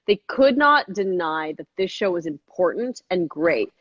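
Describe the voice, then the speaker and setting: Animated woman guest, dry lo-fi sound. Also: unhurried, breathy edge, no room sound. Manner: animated, jumps into high-pitched quoted voices. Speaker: actress and filmmaker guest. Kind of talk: casual interview chat.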